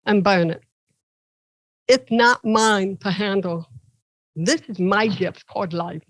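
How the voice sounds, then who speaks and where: Ohio woman telling her life story on a podcast, animated, jumps into voices, dry room. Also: takes it slowly, dry recording, low-quality recording. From Ohio, USA. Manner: animated, acts out quoted voices with big pitch jumps. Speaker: podcast guest. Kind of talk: personal storytelling.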